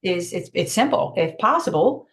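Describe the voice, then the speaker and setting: A middle-aged woman with a somewhat low voice leads a virtual safety training. She talks briskly and emphatically, filling pauses with "um", heard over a video call. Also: animated. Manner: brisk, emphatic, many fillers.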